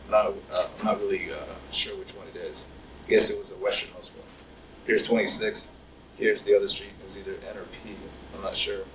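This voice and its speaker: A man's voice: on the low side, level tone, a little fast, a crowd in the background. A young man recounting events in an interview, hesitant and rambling with many fillers. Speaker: interview subject. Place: interrogation room. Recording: distant mic, faint noise.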